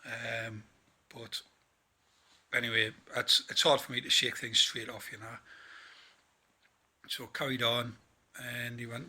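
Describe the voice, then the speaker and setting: A man's voice: mid-range voice, little pitch movement, slow pace, pauses often, sharp tone. A tired man from northeast England, a trainee truck driver chatting in a rambling vlog about his day. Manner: chatty, rambling, many fillers and restarts.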